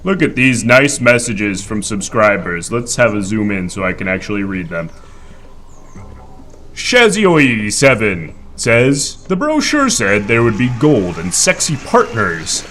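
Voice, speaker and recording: A man's voice: fairly low pitch, very animated, moderate pace, hardly any pauses, fairly bright tone, a little hiss or hum. A man playing a hammy, man-eating mountain creature who hosts a live improv comedy stream, talking playfully and theatrically. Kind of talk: improv comedy role-play.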